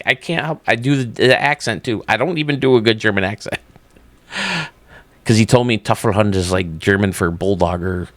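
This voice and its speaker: Enthusiastic man with a low, dry voice. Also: no room sound. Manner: enthusiastic and chatty, often laughing at himself. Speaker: YouTube host. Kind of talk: casual commentary while touring video game stadiums.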